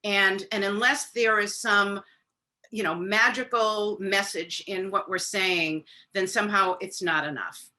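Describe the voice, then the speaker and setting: Bright-voiced woman giving parenting advice. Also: mid-range voice, steady tone, unhurried. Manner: conversational, acts out parent-child dialogue; frequent fillers. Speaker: parenting expert on a webinar panel. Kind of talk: advice talk on a webinar. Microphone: video call.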